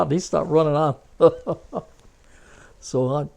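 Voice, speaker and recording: Older American vet, gravelly and dark-toned, rambling animated storyteller. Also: male voice, fairly high pitch, takes it slowly. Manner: rambling, animated, laughs at his own stories. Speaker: war veteran telling stories. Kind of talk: casual spoken storytelling.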